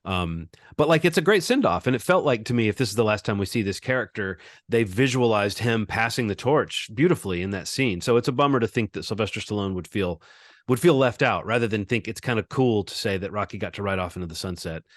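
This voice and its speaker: A man's voice: on the low side, expressive, fast talker, no room sound, clean studio sound. A man co-hosting a movie podcast, chatting casually and rambling through his thoughts with many restarts. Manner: rambling, lots of restarts and fillers. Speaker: podcast co-host. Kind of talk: casual movie review chat.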